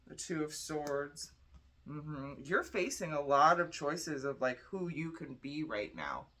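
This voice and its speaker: Her voice sits low, a bit bright and animated, and she speaks slowly. The tired young tarot reader stays chatty and blunt, swearing without restraint as she reads the cards casually.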